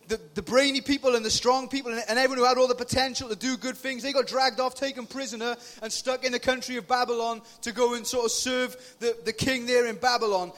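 A man in his forties giving an informal, lively youth sermon into a PA microphone in a meeting hall, sometimes breaking into shouts. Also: very high voice. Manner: chatty, lively, bursts into shouting. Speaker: youth speaker.

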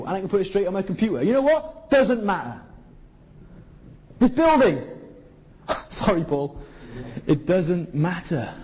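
A man's voice: on the high side, dark tone. A man from Zimbabwe preaching a sermon, pleading with his listeners through a stream of rhetorical questions. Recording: dull lo-fi recording.

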